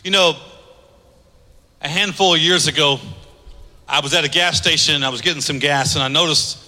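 Bright-voiced preacher man in an echoey hall. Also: mid-range voice. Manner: preaching with emphatic repetition, then softer storytelling. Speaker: pastor. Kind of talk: sermon.

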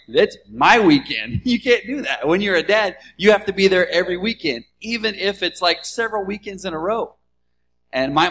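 A man in his thirties sharing a personal testimony in church, halting and emotional as he talks about being a father. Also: mid-range voice, a bit bright. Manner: halting, emotional, restarts often.

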